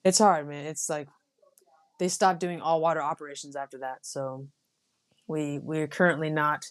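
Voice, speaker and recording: A young adult woman from the United States, a Marine officer guest, telling stories in a relaxed, casual way with many fillers. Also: low voice, normal speed. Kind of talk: casual interview.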